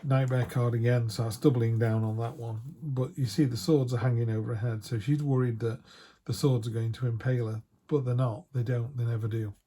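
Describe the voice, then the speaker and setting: A man's voice: medium pitch, flat delivery, brisk, mellow. A man giving a casual tarot reading, chatty and full of restarts. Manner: chatty, quotes imagined voices, frequent restarts. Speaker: tarot reader.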